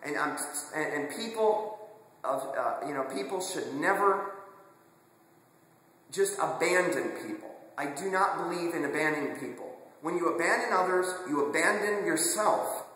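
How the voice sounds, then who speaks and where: A man's voice: fairly high pitch, moderate pace, fairly bright tone. A man speaking earnestly and with passion in a personal confessional monologue, often repeating words as he restarts his sentences. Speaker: video blogger. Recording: very echoey room with long reverb.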